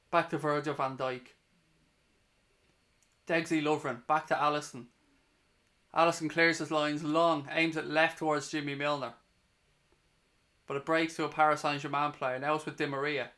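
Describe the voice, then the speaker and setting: Brief male fan host, fairly high voice, live play-by-play breaking into angry cursing rants. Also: sharp tone. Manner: sweary, heated, ranting between play-by-play. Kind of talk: live match reaction commentary.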